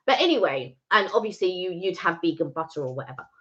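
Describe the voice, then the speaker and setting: A British woman chatting on a live stream in a bright, animated voice that swings freely in pitch. She argues her case with insistent repetition. The audio is slightly muffled and lo-fi. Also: quick pace. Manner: emphatic, persuasive, repeats her point. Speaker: co-host of a live chat stream. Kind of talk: casual live-stream chat.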